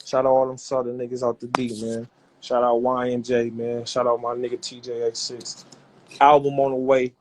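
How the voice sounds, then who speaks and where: A man who runs a rap label, talking loud and profane in repetitive hype bursts while he pushes a cash giveaway on a livestream. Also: medium pitch, flat delivery, normal speed, a little hiss or hum. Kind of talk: hyped social media livestream.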